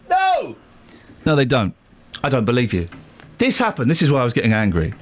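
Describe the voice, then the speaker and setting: A man's voice: medium pitch, wildly swooping pitch, fairly quick. A man hosting a radio show from a studio, telling an angry story and acting out both sides of each argument. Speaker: radio host. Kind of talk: ranting anecdote on live radio.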